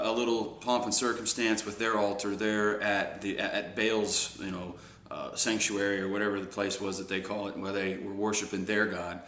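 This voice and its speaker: A man's voice: fairly low pitch, pushed and bright, echoey room. A man casually retelling a Bible story as a devotional speaker, rambling with many fillers and restarts.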